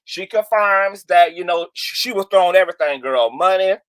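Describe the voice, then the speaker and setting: A man's voice: high voice, lively intonation, normal speed, fairly bright tone, clean tone, no echo. A man hosting a livestream, talking in a dramatic, exclaiming way with lots of slang. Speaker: livestream host. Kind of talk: animated gossip livestream.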